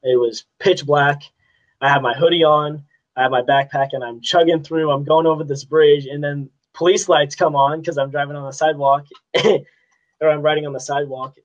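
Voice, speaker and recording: A man's voice: on the high side, fairly even intonation, moderate pace. A teenage boy being interviewed, telling stories in a youthful way and laughing often. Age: teens. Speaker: guest photographer. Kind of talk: casual interview chat. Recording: dull, lo-fi sound.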